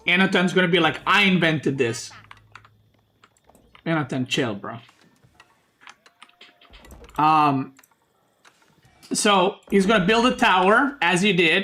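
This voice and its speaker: A man's voice: on the high side, bright, forceful tone. A man doing casual stream commentary on a strategy game, joking and bickering with his chat and swearing now and then. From Serbia. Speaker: streamer casting a tournament.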